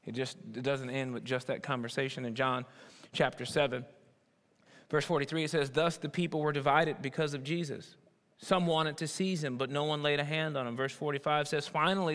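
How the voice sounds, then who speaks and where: A man preaching a sermon, swinging from loud emphatic bursts to low, quiet asides. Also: in a large hall. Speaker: pastor.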